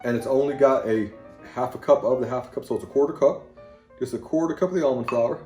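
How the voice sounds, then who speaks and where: A plain-talking man with a Southern accent hosts his own home cooking video, rambling folksily as he mixes ingredients. His voice sits in an ordinary middle pitch. The kitchen sounds echoey, with faint music playing underneath. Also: fast, a little mellow. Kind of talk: casual cooking demonstration.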